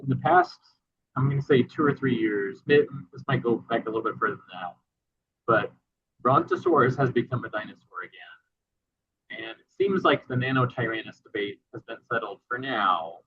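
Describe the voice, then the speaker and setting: A man's voice: medium pitch, lively intonation, normal speed, husky, highs cut off. A man interviewing a guest, tossing in short acknowledgments and playful jokes. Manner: brief backchannels, jokey asides. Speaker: interviewer, comic creator. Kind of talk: casual interview.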